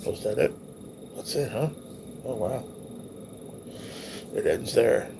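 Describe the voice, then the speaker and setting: A man's voice: mid-range voice, animated, takes it slowly, background noise. A man hosting a livestream, reminiscing casually over old photos in a loose, rambling, profane way. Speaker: livestream host.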